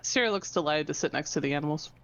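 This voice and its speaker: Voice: mid-range voice, quick pace, a bit bright. A tabletop game player describing their character's actions in a dry, teasing way while eating.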